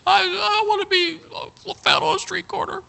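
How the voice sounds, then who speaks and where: A man voicing a small, tearful boy who pleads with his father in a high, halting wail. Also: fairly even intonation, gravelly, bright, forceful tone, heavily acted. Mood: tearful pleading.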